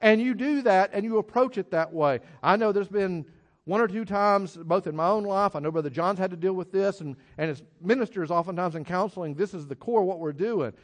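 A man's voice: high voice, brisk. A middle-aged man preaching a sermon as pastor, conversational, with frequent laughs and restarts.

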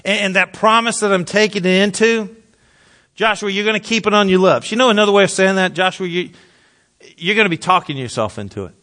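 Man, pastor, high-pitched, conversational sermon, repeats phrases. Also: fairly quick. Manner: conversational preaching with asides and repeats; mutters scripture quietly.

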